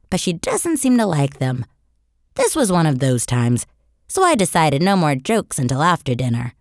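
A woman reads a children's story aloud in the first person, voicing a young boy telling his own tale. Her voice sits on the lower side but moves with animated, lively rises and falls. The sound is close and dry, with no room around it. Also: no room sound. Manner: expressive storytelling. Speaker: audiobook narrator.

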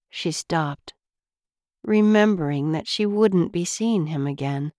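A woman reading a storybook aloud, expressive and unhurried. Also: fairly low pitch, no echo, studio quality. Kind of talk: storybook read-aloud narration.

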